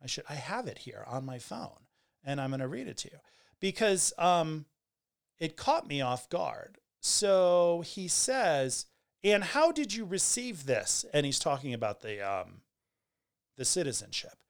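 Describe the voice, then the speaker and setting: A man in his forties, talking candidly to camera in a conversational way, trailing off with pauses and restarts. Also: on the high side, sing-song, gravelly, clean tone. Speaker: vlogger telling a personal story. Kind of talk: candid personal storytelling.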